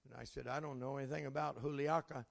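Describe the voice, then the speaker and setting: A man's voice: mid-range voice, fairly even intonation, quick pace, gravelly. A man preaching a sermon, telling folksy stories from his ministry with chuckles. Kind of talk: sermon storytelling. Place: church sanctuary. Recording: long reverb of a large hall.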